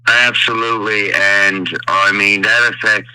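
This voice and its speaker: A man speaking as a housing advocacy spokesperson in a radio interview by phone, halting with many fillers and restarts. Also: lowish voice, flat delivery, bright, forceful tone, clear, resonant tone, dry recording, low-quality recording. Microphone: phone line.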